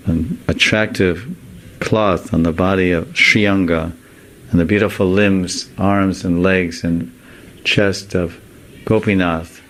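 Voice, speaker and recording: Man, monk teacher, devotional storytelling sermon, slow deliberate delivery, deep voice. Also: a bit bright, slight background noise, poor audio.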